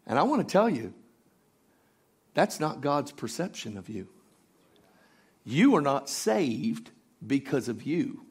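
A man preaching a sermon, telling a story and building to loud, emphatic peaks. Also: mid-range voice, very animated, slow, long pauses, breathy edge.

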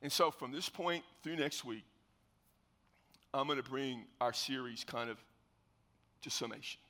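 A man preaching a sermon as pastor, telling a biblical story with animated, acted-out scenes and dropping to hushed tones for solemn points. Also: medium pitch, unhurried, in a large hall.

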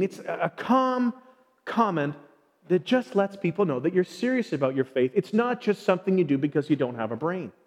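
A man giving a sermon in an animated way, often acting out short everyday exchanges. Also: high voice. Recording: long reverb.

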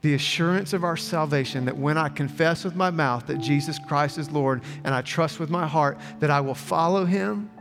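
A man preaching a sermon as pastor, speaking earnestly with repeated phrases and building emphasis. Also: on the high side. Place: church sanctuary. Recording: long hall reverb with faint music.

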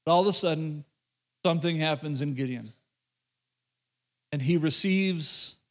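Preaching to his listeners, a pastor retells a story with an animated, conversational delivery and addresses them straight on. His pitch runs fairly high.

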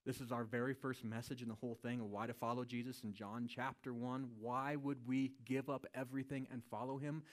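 A man's voice: medium pitch, flat delivery, fairly quick, hardly any pauses. A man preaching a sermon in a casual, conversational way, often checking in with a questioning "right?". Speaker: pastor.

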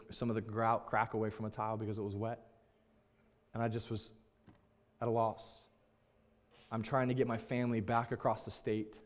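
A young man, a pastor, telling a personal story in a sermon, earnest and openly emotional in a candid, conversational way. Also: fairly low pitch.

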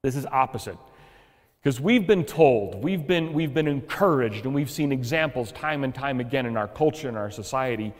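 A man's voice: medium pitch, animated, normal speed. A man preaching a sermon, telling a homely story in an earnest voice that swells at its climaxes. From United States. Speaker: pastor. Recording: long reverb of a hall.

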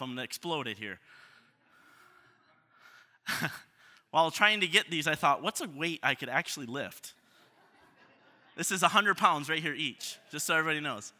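A man's voice: on the high side, lively intonation, a little fast, pauses often, bright, forceful tone. A man in his thirties preaching a sermon, talking in a self-deprecating, conversational way with frequent restarts. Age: 30s. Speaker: pastor. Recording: reverberant hall.

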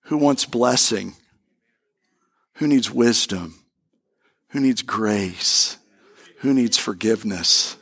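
A middle-aged man, a pastor, preaching a sermon in an animated way, repeating his phrases and talking straight to the congregation. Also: on the low side, takes it slowly, pauses often, breathy edge.

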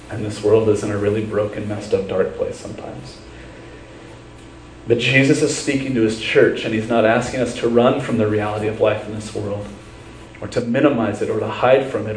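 A man in the pulpit delivers an earnest sermon, his fairly low voice carrying from some distance off the mic. The church around him is roomy and echoing, with a faint hum of ambience underneath. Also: steady tone, normal speed. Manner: earnest storytelling, then leads prayer. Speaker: pastor.

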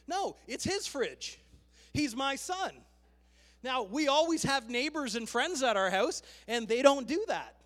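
High-pitched man preaching in a reverberant hall. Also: lively intonation, moderate pace, a bit bright. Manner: emphatic, rallying with "Amen?" and "Come on". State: out of breath. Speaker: pastor. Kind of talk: sermon.

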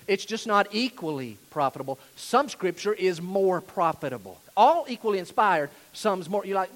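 A male pastor preaching a sermon, emphatic and repetitive, swinging from loud stresses to quiet asides. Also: high-pitched, very animated, normal speed, hardly any pauses, rough recording. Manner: emphatic, repeats key phrases, varies loudness widely. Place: church.

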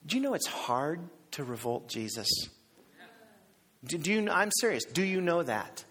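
A man preaching a sermon as pastor, animated and theatrical, acting out the voices he quotes. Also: normal speed, in a large hall. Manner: animated, acts out quoted voices with big pitch swings.

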